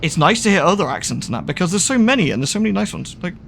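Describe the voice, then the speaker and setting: A man's voice: high-pitched, very animated, very fast, vocal fry, fairly bright tone, slight background noise. A man with a West Country English accent, chatting casually and rambling while he streams a game. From England. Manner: chatty, rambling, lots of fillers and restarts. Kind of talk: casual gaming commentary.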